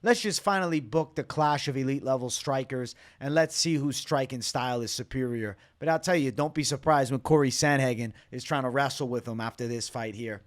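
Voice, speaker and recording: A man's voice: medium pitch, brisk, hardly any pauses. A man hosting a fight reaction video, talking loosely and bluntly with plenty of swearing, sounding tired from a very late night. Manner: loose, opinionated, swears freely. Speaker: MMA reaction channel host. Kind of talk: casual fight breakdown to camera.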